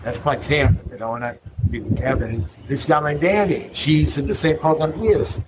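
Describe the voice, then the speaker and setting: A man speaking at a recovery meeting, telling a humorous story to a live audience. He keeps checking in with "you know what I mean?" and jumps into a higher voice to act out what other people said. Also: normal speed, heavy background noise. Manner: acts out others' lines in a raised voice.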